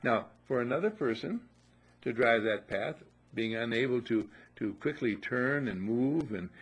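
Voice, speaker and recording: A man's voice: medium pitch, gravelly, breathy edge. An older man telling folksy stories in a casual motivational talk, repeating upbeat affirmations. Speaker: motivational speaker.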